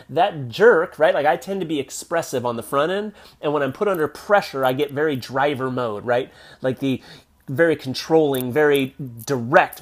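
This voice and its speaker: A man hosting a motivational solo podcast, talking emphatically and checking in with the listener, with his pace speeding up and slowing down and his volume swinging between loud and soft. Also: fairly high pitch. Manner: emphatic, repeats "right?" to the listener. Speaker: podcast host.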